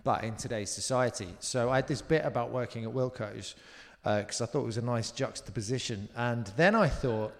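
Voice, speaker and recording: A British man, a comedian guest on a live talk show, telling a lively anecdote and slipping into quoted voices, with casual swearing. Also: medium pitch, fairly quick. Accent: British English. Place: live venue stage. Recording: long reverb of a live venue.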